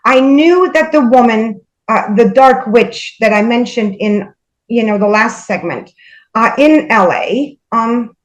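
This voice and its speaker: A woman guest recounting spiritual experiences in casual conversation, hesitant with many fillers and pauses. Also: fairly high pitch, low-quality recording.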